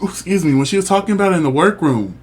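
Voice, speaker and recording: A man with a fairly high voice co-hosting a laid-back review chat. He speaks softly and easily, offering his takes in a calm tone. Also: very fast, husky. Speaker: podcast co-host.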